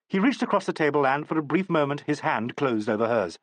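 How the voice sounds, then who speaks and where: Expressive male audiobook narrator. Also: fairly high pitch, a little fast, few pauses, no echo. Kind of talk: scripted narration.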